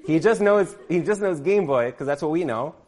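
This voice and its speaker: A man's voice: on the high side, expressive, moderate pace, darkish tone. Rambling man telling a comic story. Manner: rambling, many "like" fillers, laughs at himself.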